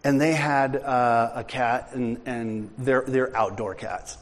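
A man's voice: medium pitch, steady tone, slow pace. A middle-aged man giving a sermon, chatting with the congregation in a joking, storytelling way. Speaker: preacher. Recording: hall reverb.

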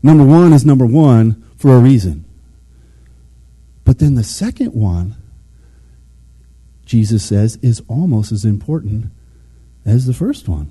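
A man's voice: medium pitch, a little slow, pauses often, breathy edge. A man giving a casual, conversational sermon, acting out little quotes as he goes. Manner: animated, conversational, acts out quotes. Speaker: preacher.

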